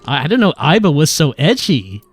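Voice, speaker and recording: A man's voice: fairly high pitch, sing-song, normal speed, music in the background. A man streaming a video game with casual, joking commentary. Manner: joking, offhand. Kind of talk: casual let's-play commentary.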